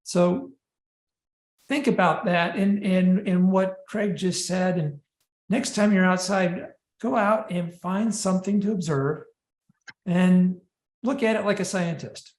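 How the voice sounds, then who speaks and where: A man's voice: high-pitched, slow. Male roundtable host, friendly and hesitant, echoey video-call sound. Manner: friendly, hesitant with many fillers. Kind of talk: hosting a webinar.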